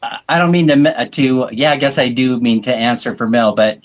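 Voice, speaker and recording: A man's voice: medium pitch, fairly even intonation, fairly quick. Wry man hosting a stream, dull sound. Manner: wry, joking, apologetic. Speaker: live stream host. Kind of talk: casual live stream chat.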